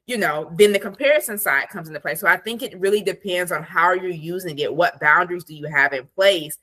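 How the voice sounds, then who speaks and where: A woman guest, an attorney and productivity coach, chatting casually on a podcast with lots of "like" and animated asides. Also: deep voice, brisk, few pauses. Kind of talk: casual interview chat.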